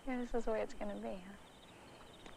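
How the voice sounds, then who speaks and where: A woman's voice: mid-range voice, fairly even intonation, normal speed, gravelly, noisy background, lightly acted. An actress playing a dreamy young woman on a porch swing, teasing and playful. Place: outdoors on a porch.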